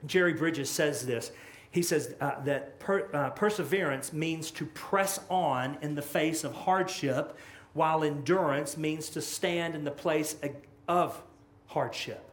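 Male pastor, mid-pitched, delivering a sermon; impassioned, loud-to-hushed swings, echoey room tone. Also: steady tone, normal speed. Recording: echoey room with faint ambience.

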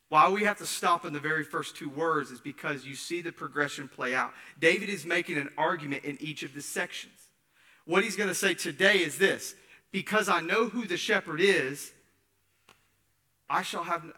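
Preacher, male, high and bright, emphatic sermon delivery with repeated phrases. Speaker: pastor.

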